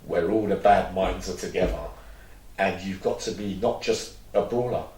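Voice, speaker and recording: In a candid storytelling interview, a male guest spins long, rambling tales and acts out what other people said. His low voice moves at normal speed with a darkish tone. The mic is set back, picking up a roomy echo.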